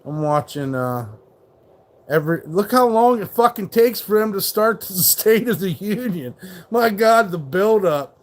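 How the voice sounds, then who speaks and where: A man's voice: sits high, animated, measured pace. A man hosting a live stream, ranting in a rambling, profane and mocking way while reacting to chat. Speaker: livestream host.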